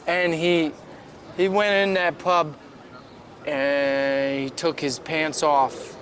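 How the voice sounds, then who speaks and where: A man improvising a silly comic story with halting, filler-filled talk, outdoors in a park. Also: on the high side, flat delivery, a bit bright, a little hiss or hum.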